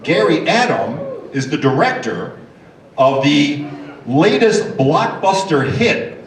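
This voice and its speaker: Hesitant man hosting a stage show. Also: mid-range voice. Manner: hesitant, many filler pauses. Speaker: talk show host. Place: large event hall with audience. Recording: echoey hall from far off.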